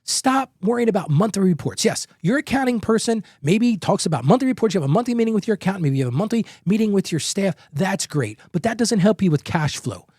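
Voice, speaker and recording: A man's voice: high voice, expressive, fast talker, few pauses, a little mellow, husky, no echo, clean studio sound. A middle-aged man hosting a business podcast, giving emphatic, conversational advice with anecdotes and rhetorical questions. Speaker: podcast host. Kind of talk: energetic business advice monologue.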